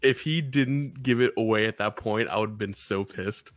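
A man's voice: fairly low pitch, moderate pace, dry recording. A man co-hosting a casual podcast chat, wry and joking. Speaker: podcast co-host.

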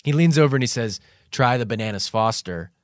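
A man's voice: medium pitch, animated, brisk, no echo, clean studio sound. A man co-hosting a casual comedy podcast, telling a joking story in a loose, chatty way. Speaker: podcast co-host.

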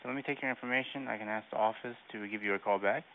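A man answering the phone at a shop, speaking in a brisk, polite, deadpan way over a tinny phone line. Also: fairly low pitch, slight background noise. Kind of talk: customer service call.

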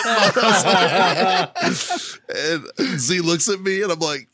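A man's voice: a little high, expressive, moderate pace, pushed and bright, dry recording. A man co-hosting a podcast, telling a story in casual, profane chat and laughing often along the way. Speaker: podcast co-host.

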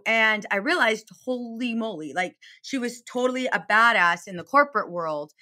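An upbeat woman hosts a podcast interview, her voice bright and a little high. She talks in a chatty, casual way with quick bursts. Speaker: podcast host.

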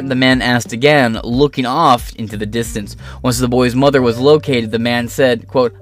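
Man, commentary host, reads stories then rants, crude and scornful, mid pitch, soft music bed. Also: moderate pace. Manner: profane, contemptuous, sarcastic. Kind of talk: angry reaction commentary, reading articles aloud.

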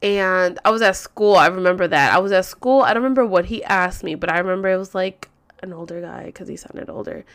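Smooth-voiced woman rambling. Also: on the low side, fairly quick, fairly bright tone. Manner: rambling, profane, frequent "like" fillers. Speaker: vlogger. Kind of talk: storytime vlog.

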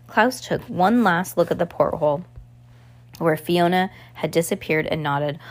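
A woman's voice: on the low side, unhurried. A woman reading a novel aloud in an unpolished way, with stumbles and restarts. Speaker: reader.

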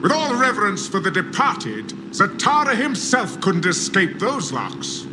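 A theatrical, mocking villain; high, swooping delivery over clear background noise. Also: male voice, wildly swooping pitch, a little slow, exaggerated voice. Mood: taunting.

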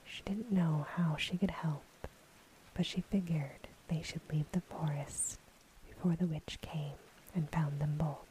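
Woman whispering a slow bedtime story. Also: low-pitched, fairly even intonation, a little hiss or hum, rough recording. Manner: soft unvoiced whisper throughout.

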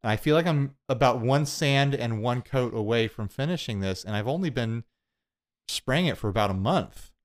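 A man's voice: medium pitch, lively intonation, moderate pace. A young adult man co-hosting a casual podcast chat, rambling and self-deprecating, laughing often. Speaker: podcast co-host.

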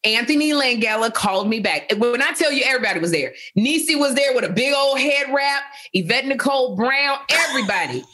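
A middle-aged woman, a guest, telling animated stories in a casual interview and laughing often. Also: sits high, a little fast, few pauses.

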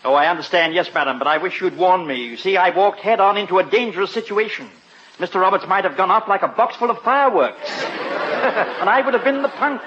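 An actor playing a fussy English butler with dry, sly wit, in 1940s radio comedy style. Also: male voice, high voice, a little fast, sharp tone, a little hiss or hum. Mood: dryly amused. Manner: formal, polite, sly teasing. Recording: muffled old radio broadcast.

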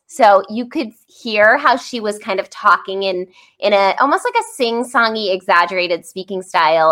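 A woman's voice: medium pitch, pushed and bright. A woman and parent on a podcast, explaining in a chatty, upbeat, confiding way. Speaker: guest speech expert, parent.

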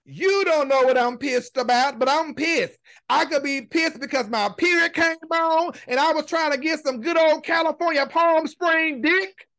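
A woman with a high voice holds forth as a podcast host, swearing constantly and leaning hard on every curse. Her talk is casual commentary delivered as an emphatic rant. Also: fairly bright tone. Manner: profane, emphatic, drawn-out swearing.

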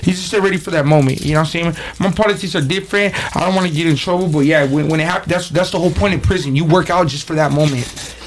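A man's voice: fairly high pitch, fast talker, a little hiss or hum. A man in his thirties from the Los Angeles area, talking bluntly as a podcast guest and swearing often. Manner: blunt, profane street talk with repeated phrases. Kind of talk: casual chat.

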